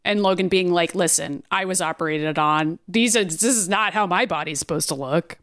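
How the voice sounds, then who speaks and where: A woman's voice: lowish voice, a bit bright. A woman co-hosting a podcast, chatting casually and reacting as she recaps an episode with her co-host. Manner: chatty, quick to laugh and react.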